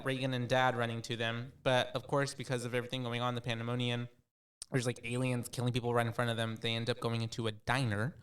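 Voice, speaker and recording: A man's voice: mid-range voice, fairly bright tone, clean tone. A man co-hosting a podcast, recapping a film in loose, profane, joking chat. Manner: loose and profane, laughing, trading quips. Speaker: podcast co-host. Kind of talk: casual movie recap chat.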